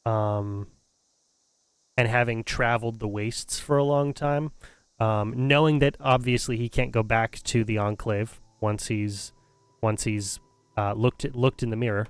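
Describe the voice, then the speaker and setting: Male game streamer, smooth voice, dry close sound, casual and hesitant as he thinks aloud. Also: mid-range voice, a little slow, dry recording. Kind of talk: casual live-stream commentary.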